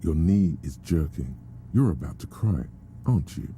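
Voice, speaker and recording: A man voicing a very deep, sardonic inner voice. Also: lively intonation, moderate pace, mellow, a little hiss or hum. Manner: dry, sardonic narration. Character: mocking inner-voice narrator of a detective game.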